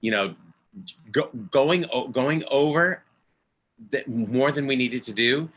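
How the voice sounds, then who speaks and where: A man who is an original cast member and director, earnestly telling a theater story on a video call, halting and restarting as he goes. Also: mid-range voice, a bit bright. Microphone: video call microphone.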